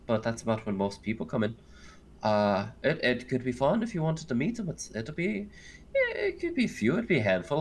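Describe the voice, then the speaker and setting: A game master puts on a Scottish accent to play a motherly cook who loves a joke, rambling through a tabletop role-play session. The voice is mid-range, husky, and exaggerated, chatty and teasing with many fillers and self-corrections.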